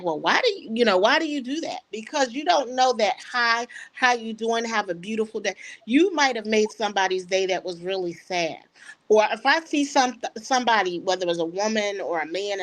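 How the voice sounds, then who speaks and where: A woman's voice: mid-range voice, normal speed, a bit bright. A woman guest in a casual talk show conversation, telling everyday stories and quoting what people say.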